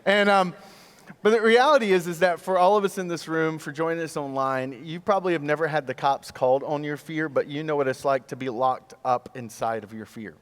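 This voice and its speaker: A man's voice: a little high, a little fast. Man preaching in a reverberant hall. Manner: animated storytelling, jokes with the crowd. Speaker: guest pastor. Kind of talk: sermon with humor. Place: large church auditorium.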